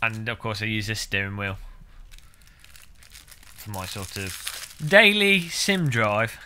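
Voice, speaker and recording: A British man chatting casually with viewers on a game stream, rambling and cracking deadpan, absurd jokes. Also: fairly low pitch, slow pace, a little hiss or hum. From United Kingdom. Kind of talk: casual live-stream chat.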